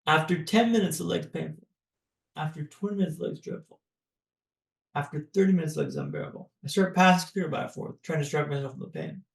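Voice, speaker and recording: Guy from canada telling his story slow and dramatic, kinda gravelly, echoey room. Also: fairly high pitch. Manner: dramatic, paced storytelling with pauses. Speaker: podcast guest. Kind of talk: personal storytelling.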